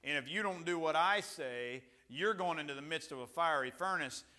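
A scornful, domineering tyrant king , as a man preaching puts him on, taunting in a bright, fairly high voice. He sneers and threatens with a forceful edge. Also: normal speed. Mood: menacing.

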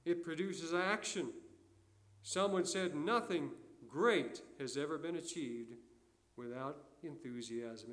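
Older guy preaching, folksy stories, voice a bit high, gets loud then drops quiet. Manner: folksy storytelling preacher, swings between loud emphasis and quiet asides. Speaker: pastor. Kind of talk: sermon.

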